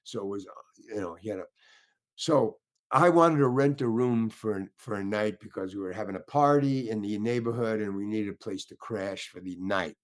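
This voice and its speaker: A man's voice: fairly low pitch, normal speed. An older man, an actor, telling rambling stories in a casual interview and acting out the other people's lines. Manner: rambling, many restarts. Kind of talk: casual storytelling.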